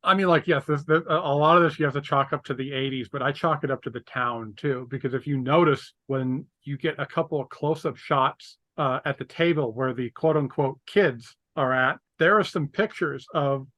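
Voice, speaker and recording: A man's voice: medium pitch, normal speed, hardly any pauses, sharp tone. A man co-hosting a podcast, chatting casually about a film with rambling asides and crude jokes. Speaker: podcast co-host. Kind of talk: casual movie chat.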